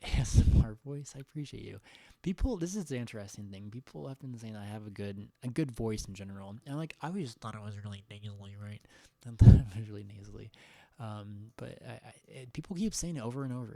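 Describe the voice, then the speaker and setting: Gravelly, dark-voiced man chatting. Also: fairly low pitch, fast, no room sound. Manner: relaxed, stammering, laughs often. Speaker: livestream host taking callers. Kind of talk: casual live chat.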